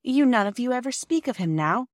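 A woman reader voicing a weary, loving mother in a storybook reading, speaking softly and tenderly. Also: lively intonation, a little fast, no room sound, clean studio sound, close to an everyday voice. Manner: soft, tender, low-key.

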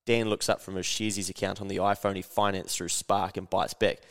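A man with a New Zealand accent hosting a podcast, telling a story in a slangy, animated way and swearing casually. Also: low voice, brisk, big-room sound. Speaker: podcast host.

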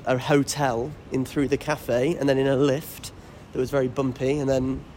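A man's voice: mid-range voice, little pitch movement, moderate pace, darkish tone. A man co-hosting a podcast, chatting casually about films and laughing often. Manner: chatty, laughs often, talks through film opinions. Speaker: podcast co-host. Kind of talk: casual chat.

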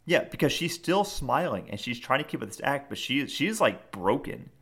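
A man's voice: mid-range voice, sing-song, normal speed, a bit bright, slightly rough. A man co-hosting a podcast, retelling scenes in a rambling, casual chat full of fillers. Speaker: podcast co-host.

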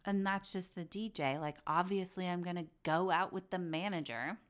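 A woman's voice: lowish voice, normal speed, smooth, lightly acted. A woman voicing a breezy, airy young woman who keeps things casual.

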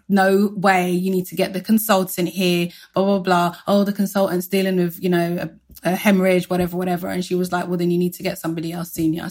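Woman in her 30s, slightly low voice, quick lively storytelling as a guest. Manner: brisk, animated retelling with quoted dialogue. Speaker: interview guest. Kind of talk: casual personal storytelling.

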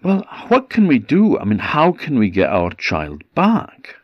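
A man's voice: huge pitch swings, a little slow, dry recording. A frightened young mother, put on by a man in a raised, pleading voice for a told folk tale. The recording sounds dull and dry. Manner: high, pleading.

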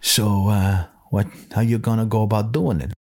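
A man's voice: lowish voice, steady tone, normal speed, a little mellow. A man doing an impression of a foul-mouthed, swaggering male podcast mentor with a New York-New Jersey accent. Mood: brash, needling. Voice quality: gruff, swaggering tough-guy patter.

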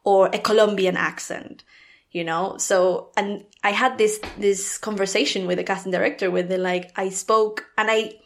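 A woman with a mild Argentinian accent talks as a podcast guest. She is chatty and animated and laughs often as she talks. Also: medium pitch, normal speed, gravelly, hardly any pauses. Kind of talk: casual interview chat.

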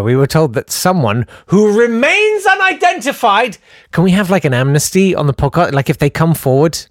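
Male podcast host, very expressive pitch, dry close-mic sound, wry and theatrical. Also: no echo. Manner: animated, self-deprecating, reads messages aloud with mock-dramatic voices. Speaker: podcast host reading listener messages. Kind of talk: casual chat.

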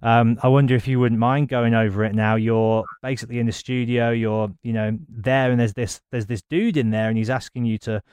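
Smooth-voiced male interviewer with a halting prompt. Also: medium pitch, steady tone, darkish tone, no echo. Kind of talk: casual interview question.

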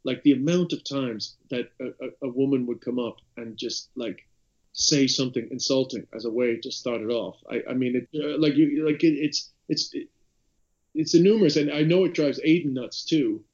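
A man's voice: medium pitch, moderate pace, highs cut off. An Irish man co-hosting a casual podcast chat over a video call, telling stories animatedly with many restarts. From Ireland. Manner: animated storyteller, frequent restarts. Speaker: podcast co-host.

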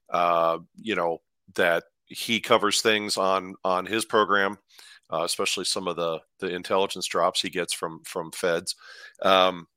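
A man's voice: low voice, pushed and bright, dry recording. A man hosting a podcast with political commentary, talkative and rambling with many fillers and restarts.

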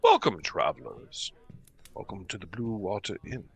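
A man's voice: on the low side, huge pitch swings, moderate pace, creaky, exaggerated voice. A man doing a courteous bearded innkeeper. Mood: welcoming. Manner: formal, courteous, slightly old-fashioned phrasing. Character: friendly bearded male innkeeper, proud of his family wine.

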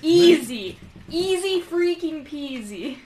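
A woman player in a tabletop role-playing game, playful and excitable. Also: high-pitched, slow, a crowd in the background. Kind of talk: casual tabletop game chat. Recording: echoey room, far mic, loud noise.

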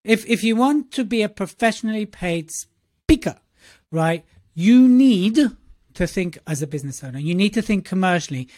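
An animated man co-hosting a casual podcast who acts out quoted voices and repeats himself. His voice sounds dry and close to the mic. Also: high-pitched, moderate pace, no echo. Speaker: podcast co-host, speaking coach.

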